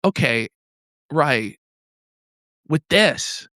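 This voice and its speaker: A young man co-hosting a crude comedy stream, mocking and loud, slipping into joke voices. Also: a little high, lively intonation, extremely slow, no room sound, studio quality. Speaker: podcast co-host.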